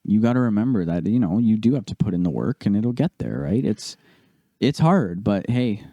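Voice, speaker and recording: A young man co-hosts a casual podcast and tells a personal story in an animated way, acting out each person he quotes. His voice is low-pitched and mellow, recorded dry and close to the mic. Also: normal speed, no echo, muffled recording. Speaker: podcast co-host.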